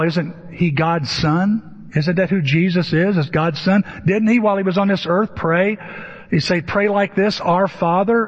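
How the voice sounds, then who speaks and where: Male pastor, sermon, husky high voice, long church reverb, muffled lo-fi sound. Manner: emphatic preaching with rhetorical questions. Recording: dull lo-fi with long hall reverb.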